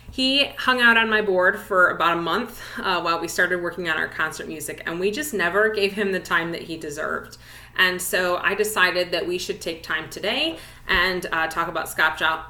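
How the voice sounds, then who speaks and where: A woman's voice: mid-range voice, pushed and bright. A young woman teaching an elementary music lesson online, encouraging and speaking straight to young students. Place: classroom. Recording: echoey room.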